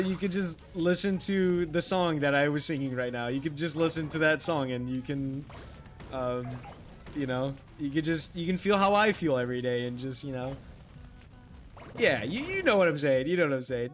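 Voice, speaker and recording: A livestreamer with a slightly high, expressive voice speaks at a moderate pace, faint music behind him. He chats casually with viewers, reads their messages aloud, rambles with lots of fillers, apologizes often and swears offhandedly.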